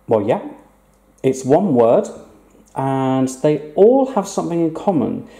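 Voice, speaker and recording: A man teaches a grammar lesson in a chatty, playful manner. His voice is very dark and mellow. The recording carries a noticeable room echo. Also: a little high, very animated, slow, vocal fry. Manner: chatty, playful teacher, asks rhetorical questions. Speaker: Spanish teacher. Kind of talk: recorded online language lesson.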